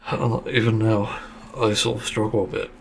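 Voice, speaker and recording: A man's voice: fairly low pitch, little pitch movement, moderate pace, creaky, slight background noise. A man hosting a casual solo podcast monologue, speaking bluntly and frankly, with plenty of swearing and the odd sarcastic aside. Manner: sarcastic at times. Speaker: podcast host.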